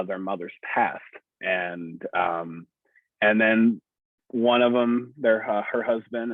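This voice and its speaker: A man, an actor, answering interview questions in a hesitant, halting way. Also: fairly low pitch, no room sound. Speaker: actor guest. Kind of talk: interview conversation. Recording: tinny dry phone line.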